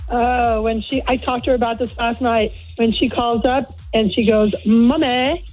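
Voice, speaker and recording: A woman's voice: a little high, level tone, moderate pace, darkish tone, soft background music, poor audio. A middle-aged woman calling in to a radio show and chatting about her daughter. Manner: chatty, storytelling. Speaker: caller. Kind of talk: casual phone-in chat.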